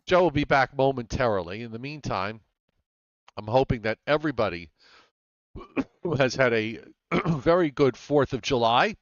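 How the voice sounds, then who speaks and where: A man hosting a live weather show, talking in a relaxed way with many fillers. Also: mid-range voice, measured pace, pauses often, no room sound, highs cut off. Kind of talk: live weather broadcast chat.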